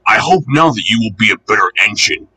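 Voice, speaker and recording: A man's voice: on the low side, expressive, pushed and bright, husky, heavily acted, rough recording. A man playing a stern railway boss. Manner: firm, measured scolding. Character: stern but kindly portly railway boss.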